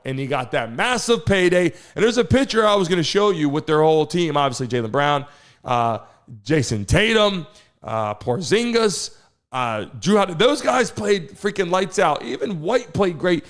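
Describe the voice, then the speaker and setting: Excitable high-voiced male sports host. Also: normal speed. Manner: excitable, casual, rhetorical questions to chat. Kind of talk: live sports news talk.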